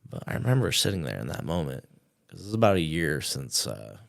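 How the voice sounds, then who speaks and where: A gravelly bass voice with big pitch swings and a brisk pace comes from a man in his thirties. As a podcast guest, he tells a personal story in loose, casual talk full of fillers, sometimes dropping to near-whispers.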